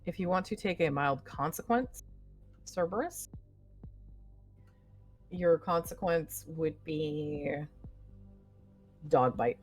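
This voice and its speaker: A woman narrating as game master, making quick rule calls over faint music. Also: low voice, expressive.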